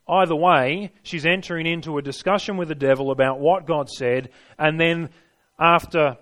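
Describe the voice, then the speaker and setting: A man's voice: fairly high pitch, a bit bright. A man preaching a sermon, stressing his points and putting rhetorical questions to his listeners.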